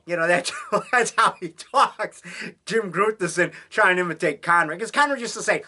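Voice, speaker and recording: A man with a bright, forceful, fairly high voice, rambling enthusiastically in a casual monologue. He loses his thread, restarts his sentences and leans on fillers as he chats from a basement room at home. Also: moderate pace. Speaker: indie horror filmmaker hosting a home broadcast.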